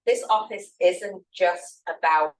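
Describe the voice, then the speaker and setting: A woman sharing at an office meeting, halting and emotional, choked up as she speaks. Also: on the low side, low-quality recording. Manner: halting, emotional, restarts phrases. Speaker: agent at the meeting.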